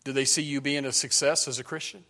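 Folksy, bright-voiced preacher man. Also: medium pitch, flat delivery, quick pace, a little hiss or hum. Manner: rambling, folksy storytelling with many restarts. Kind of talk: sermon.

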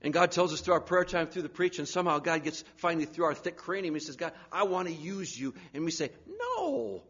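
A man preaching a sermon, swinging from loud urgent pleading down to hushed, near-whispered lines. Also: on the high side, fairly even intonation, fast, slightly rough, muffled recording.

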